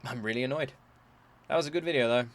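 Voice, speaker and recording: A man ranting in a reaction video, exasperated and swearing, swinging between loud outbursts and low mumbling. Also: quick pace. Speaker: YouTube reactor.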